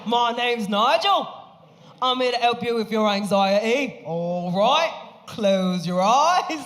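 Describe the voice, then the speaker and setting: A man's voice: very high voice, animated, long reverb tail, pitched above the performer's own voice, full character voice. A woman voicing a cheerful man with a Cockney accent who leads a guided meditation. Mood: chirpy. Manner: bright, overly cheerful, drawn-out soothing instructions. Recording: loud club audience noise.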